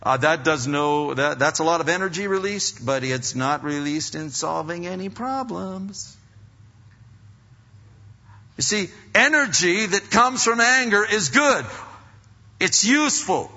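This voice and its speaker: A man delivers an earnest sermon in a bright, somewhat husky voice that sits a little high. He stumbles and restarts phrases and slips into the voices of his listeners. The sound is dull and lo-fi, ringing with the long reverb of a hall. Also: big pitch swings, measured pace. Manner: earnest preaching with repeated restarts and acted-out inner voices. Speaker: pastor.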